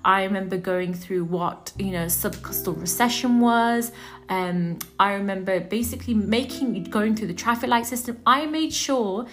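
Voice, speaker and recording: A young woman, hosting a podcast and retelling a work story in a chatty, animated way with many fillers. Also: medium pitch, normal speed. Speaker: podcast host, doctor in general practice. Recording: guitar music playing under the voice.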